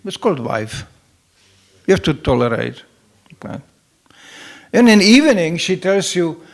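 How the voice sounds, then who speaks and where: Lively, gravelly-voiced middle-aged man joking through a scripture class. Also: high voice, moderate pace, long pauses. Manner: animated, joking storyteller acting out quoted voices. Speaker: temple president giving a scripture class. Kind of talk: humorous scripture lecture. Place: temple hall.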